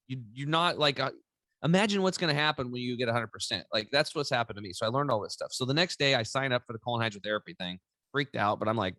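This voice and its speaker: A man's voice: mid-range voice, fairly bright tone, dry recording. A man in his forties, a podcast guest telling a personal story with lots of energy and animation. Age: 40s. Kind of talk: casual storytelling interview.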